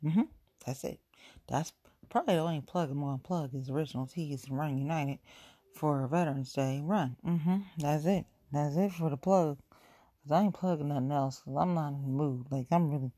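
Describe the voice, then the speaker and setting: A woman's voice: sits low, normal speed, warm tone, no room sound. A woman from chatting casually on her own show, rambling, repeating herself and speaking frankly. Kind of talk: casual solo chat.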